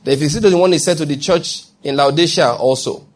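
A man's voice: on the high side, brisk. A man preaching a sermon in a conversational way, acting out quoted voices and often checking that listeners follow. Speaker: pastor.

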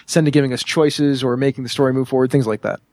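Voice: mid-range voice, fairly even intonation, quick pace, a little mellow, no room sound. A player in a tabletop game, talking playfully.

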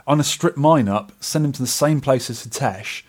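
Co-hosting an arcade podcast, a middle-aged man with a medium-pitched voice talks fairly quickly. The chat is casual, and he rambles on in a self-deprecating way.

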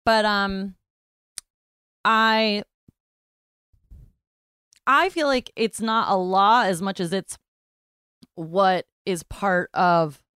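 A woman's voice: medium pitch, extremely slow, long pauses, a bit bright, smooth, no echo, studio quality. A woman co-hosting a casual chat, blunt and profane.

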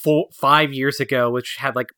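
A man's voice: mid-range voice, fairly even intonation, normal speed, bright, forceful tone, smooth, no room sound, studio quality. A man co-hosting a podcast, chatting casually about cartoons, laughing often and rambling with lots of fillers. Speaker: podcast co-host. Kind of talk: casual chat reviewing cartoons.

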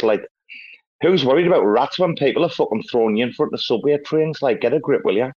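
A man's voice: mid-range voice, fairly quick, breathy edge. A man from England, telling stories and swearing freely in a casual chat. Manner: sweary, storytelling, animated. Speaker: podcast host. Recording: dull lo-fi audio.

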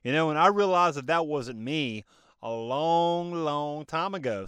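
Man, podcast host, preachy motivational monologue, slightly high voice, dry close phone sound in a car, throat a bit choked. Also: lively intonation, measured pace, a bit bright, clear, resonant tone, no room sound. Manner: preachy, emphatic, asks himself rhetorical questions. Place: in his car.

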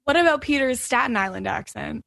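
Wry young woman with a higher voice. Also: animated, fairly quick, vocal fry, fairly bright tone, no room sound, studio quality. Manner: wry, sarcastic, laughs often. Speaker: podcast co-host. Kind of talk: casual chat recapping a reality show.

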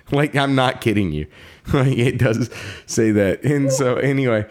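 Podcast guy recapping a story, lowish voice, laughs a lot, does the characters' lines. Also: darkish tone. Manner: laughs often and acts out characters' lines in quick quoted voices. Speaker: podcast co-host. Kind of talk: casual chat retelling a story.

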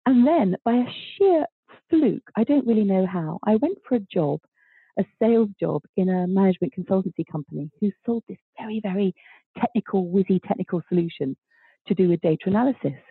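A woman of fifty, a guest author telling her story in an interview, bubbly and animated, acting out the voices of people she quotes. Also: mid-range voice, a little fast, breathy edge, no echo. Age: 50s. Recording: thin phone-like line, dry.

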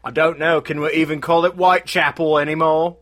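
A man on a casual comedy podcast who answers with dry deadpan remarks. His voice sits a little high and bright. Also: a little fast. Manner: dry deadpan quips and short listening replies. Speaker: podcast co-host.

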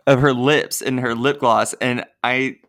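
A man's voice: medium pitch, steady tone, a little slow, fairly bright tone. A man co-hosting a podcast in casual chat, telling stories loosely with lots of filler words. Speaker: podcast co-host.

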